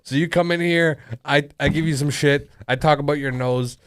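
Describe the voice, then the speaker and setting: A man's voice: on the high side, steady tone, normal speed, fairly bright tone, clear, resonant tone, no room sound, studio quality. A man in his thirties co-hosting a podcast, teasing his friend in crude, casual banter and laughing often. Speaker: podcast co-host.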